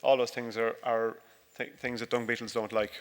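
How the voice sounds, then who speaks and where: A dairy farmer gives an informal, slide-based presentation about his farm in a large conference hall, joking, chatting and poking fun at himself. His mid-range voice is flat at normal speed, with long hall reverb.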